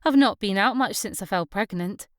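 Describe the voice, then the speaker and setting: A woman's voice: mid-range voice, normal speed, a bit bright, dry recording, clean studio sound, lightly acted. A woman voicing a small, cheerful young wife who is chatty and teasing, with a Northumbrian accent.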